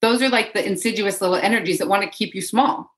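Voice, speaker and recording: A woman's voice: medium pitch, fast, low-quality recording. A woman, a podcast guest and energy healer, speaking in a flowing way and often repeating her phrases. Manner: flowing, repeats phrases, voices inner thoughts in quotes. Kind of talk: casual podcast interview.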